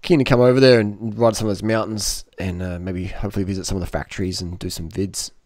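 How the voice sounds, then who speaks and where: Casting: low-voiced male podcast host, easygoing chat, dry close sound. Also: fairly even intonation, fast talker, darkish tone, no echo. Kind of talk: casual chat.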